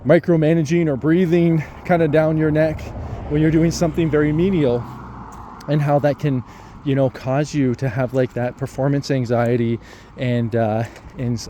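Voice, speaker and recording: A man vlogging, telling a personal story in a reflective, hesitant way with many pauses and restarts. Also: mid-range voice, warm tone, a little hiss or hum.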